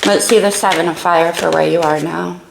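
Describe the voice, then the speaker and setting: A woman with a low, creaky voice reads tarot cards in a casual way, thinking aloud and exclaiming over each card. Her voice rings in an echoey room with a faint hiss behind it. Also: fairly even intonation, fairly quick. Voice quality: creaky morning voice. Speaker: tarot reader. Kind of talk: casual tarot reading to camera.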